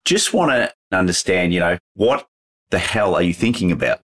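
An Australian man hosting a podcast, asking relaxed questions and laughing along with his guest. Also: low-pitched, moderate pace. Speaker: podcast host, interviewer. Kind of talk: conversational interview.

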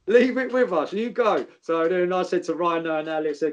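A man's voice: on the high side, moderate pace, few pauses, muffled recording, slight background noise. A man, a former footballer telling stories in casual chat, swearing freely and calling people mate. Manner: laddish, swears freely, says mate and geezer.

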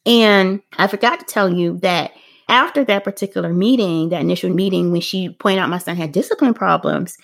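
A woman's voice: on the low side, a little fast, vocal fry. A middle-aged woman, a parent, telling her own story in casual podcast talk, talking straight to listeners and acting out what others said. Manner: animated, acts out others' lines in dialogue; talks straight to listeners, conversational fillers.

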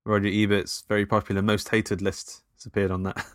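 A man co-hosting a casual film podcast, reading quiz questions with loud stresses and laughing easily. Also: lowish voice, flat delivery, brisk, dry recording, studio quality. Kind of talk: casual chat.

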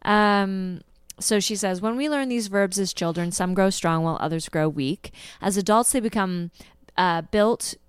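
A woman's voice: mid-range voice, measured pace, clear, resonant tone, no echo. A woman co-hosting a casual podcast chat, playful and talkative, sometimes reading passages aloud from a blog. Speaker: podcast co-host.

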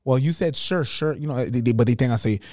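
A man co-hosting a podcast in casual chat, blunt and repetitive, getting animated as he tells stories. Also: mid-range voice, quick pace, no room sound, studio quality. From Montreal, Canada. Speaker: podcast co-host.

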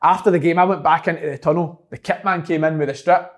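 A Glaswegian man chats with friends, telling a story with eager, animated energy. His voice sits a little high and he talks fast. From Glasgow, Scotland. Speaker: former footballer, podcast co-host. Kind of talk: casual chat.

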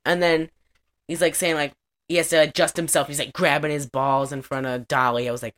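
Low-voiced woman chatting about a movie. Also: level tone, brisk, a bit bright. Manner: chatty, profane, laughs often. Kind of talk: casual chat recapping a movie.

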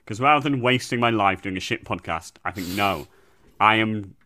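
A man's voice: on the low side, fast talker. A man co-hosting a comedy podcast, joking. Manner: playful, deadpan boasting. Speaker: podcast co-host. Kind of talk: casual comedic chat.

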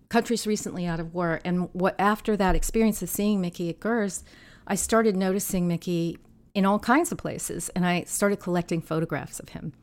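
A woman in her sixties, a filmmaker and activist talking as a guest in a casual interview, telling lively anecdotes. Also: on the low side. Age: 60s. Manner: lively storyteller, animated anecdotes.

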